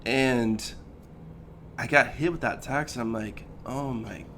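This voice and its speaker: A man's voice: mid-range voice, a little slow, slight background noise. A man in his thirties, a podcast co-host, telling a personal story in casual chat and acting out the lines he quotes. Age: 30s. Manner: animated, acts out quoted lines, says "dude" and "like" a lot.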